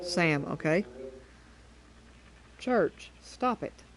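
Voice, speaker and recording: A woman's voice: fairly low pitch, lively intonation, extremely slow. A woman playing a video game and commenting casually, swearing often and scolding her cat between remarks. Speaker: gameplay streamer.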